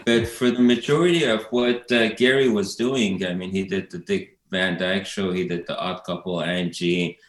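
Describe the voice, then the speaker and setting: A man's voice: low-pitched, steady tone, normal speed, few pauses. A man in an interview, telling stories in a loose, rambling way. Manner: rambling, storytelling, laughs while recounting. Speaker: documentary director, guest. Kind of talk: casual interview talk. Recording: echoey room.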